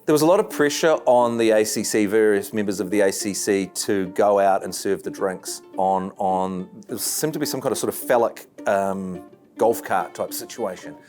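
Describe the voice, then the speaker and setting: A man, recalling events in a documentary interview with a measured, wry delivery. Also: on the low side, a little mellow, soft background music.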